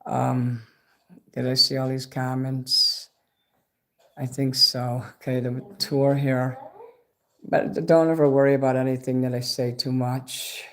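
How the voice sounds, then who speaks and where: A man hosts a casual livestream, talking at an ordinary middle pitch. He rambles from one thing to the next and swears freely. He gets excitable as he goes. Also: measured pace. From Chicago. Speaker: livestream host.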